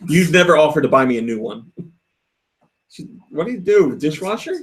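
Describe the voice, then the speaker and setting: A man's voice: a little high, very animated, normal speed. Chatty male podcast host. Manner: chatty, laughs often, reads viewer comments aloud. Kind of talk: casual podcast chat.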